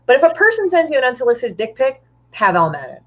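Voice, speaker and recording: A woman's voice: high-pitched, huge pitch swings, quick pace. Blunt, foul-mouthed woman on a dull call. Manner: blunt, profane storytelling. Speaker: guest comic artist. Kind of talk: casual chat.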